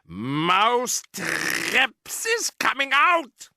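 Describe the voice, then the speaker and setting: A man voicing a ruthless, gloating female witch leader in an audiobook, shouting triumphantly in broken grammar. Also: very high-pitched, wildly swooping pitch, very slow, creaky, no room sound, pitched above the performer's own voice, exaggerated voice. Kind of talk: audiobook character voice.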